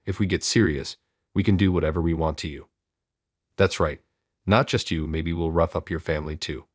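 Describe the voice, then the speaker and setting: A man's voice: low-pitched, fairly even intonation, moderate pace, dry recording, studio quality. A man voicing a group of rude young male thugs, taunting and insulting.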